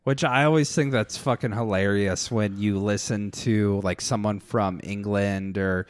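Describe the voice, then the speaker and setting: Relaxed man telling stories. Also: fairly low pitch, unhurried, smooth, no room sound, clean studio sound. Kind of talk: casual conversation.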